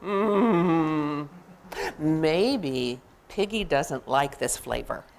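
A woman's voice: sits low, expressive, very slow, gravelly, a little mellow, slight background noise, pitched below the performer's own voice, heavily acted, low-quality recording. A woman voicing a fretful storybook elephant. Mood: torn. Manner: dithering, talks himself in and out of sharing. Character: excitable, fretful male cartoon elephant. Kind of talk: picture-book read-aloud.

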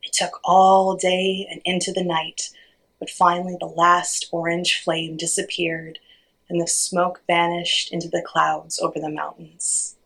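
A woman reading a children's story aloud, expressive and gently animated. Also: fairly low pitch, measured pace, creaky, poor audio.

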